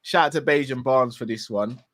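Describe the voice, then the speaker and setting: A man co-hosting a live fan show, reading out viewer questions in a relaxed way. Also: mid-range voice, normal speed. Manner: relaxed, laughing, asks questions. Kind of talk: casual live-stream chat.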